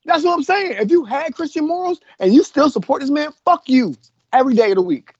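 High, animated man ranting profanely. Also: a little fast, dry recording. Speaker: podcast co-host. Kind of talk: casual chat. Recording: dull, lo-fi dry recording.

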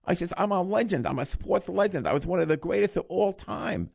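A male radio host doing an impression of a famous heavyweight boxer, boastful and stammering, with a surprisingly small, high voice. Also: lively intonation, a little fast, creaky, darkish tone, dry recording, studio quality, exaggerated voice.

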